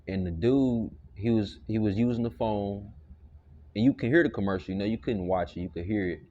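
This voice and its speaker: A man with a low voice leads an informal Bible lesson, rambling in a relaxed, conversational way. He leans on "you know" and drops the occasional curse. The recording is dull and lo-fi. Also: fairly quick, a little hiss or hum. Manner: loose and conversational, with frequent "you know" and profane asides. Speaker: Bible teacher. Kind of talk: casual spoken Bible lesson.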